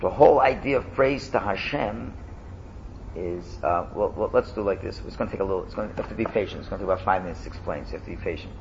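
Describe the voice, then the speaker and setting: A man teaching a casual class, lively and animated, chanting loudly when he demonstrates. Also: low-pitched, fast talker, lo-fi sound, a little hiss or hum.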